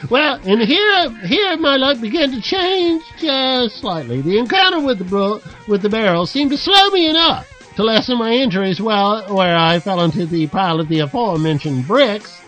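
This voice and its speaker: A man puts on a battered everyman who pours out his woes in a loose Irish-Australian accent, pitched high and running fast. The delivery swings up and down with lively intonation. Faint music plays behind the comedy sketch. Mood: aggrieved. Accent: put-on mix of Irish and Australian. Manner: loud, high and rushed storytelling.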